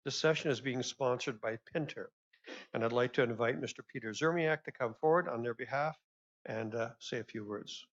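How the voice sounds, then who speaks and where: A man's voice: medium pitch, moderate pace. A man moderating a convention session, chatty and courteous as he welcomes people and repeats his announcements. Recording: dull lo-fi sound.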